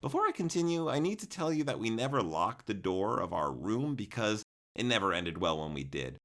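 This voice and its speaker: A young man, narrating a comic storytime in an animated, exaggerated way with jokey asides. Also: on the low side, a little fast.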